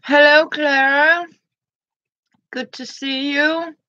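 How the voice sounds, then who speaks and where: A woman, chatting gently on a live stream and greeting her viewers by name. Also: high voice, steady tone, takes it slowly, no room sound, dull audio. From Denmark. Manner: greets viewers by name between thoughts, gentle, frequent soft laughs. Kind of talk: casual live-stream chat.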